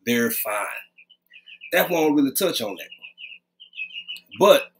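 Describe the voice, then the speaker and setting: A man's voice: medium pitch, very animated, unhurried, slight background noise. A man hosting a casual live stream, greeting viewers by name in a loose, conversational way, talking close to his webcam at home. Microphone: webcam, leaning close.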